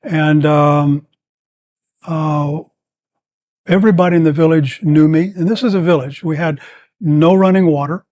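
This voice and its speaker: An older man in his seventies tells long stories as a podcast guest. He rambles with plenty of fillers but stays animated, in a voice that sits a bit high for a man. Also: a little slow, pauses often, no room sound. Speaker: guest, former combat medic. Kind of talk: storytelling in a podcast interview.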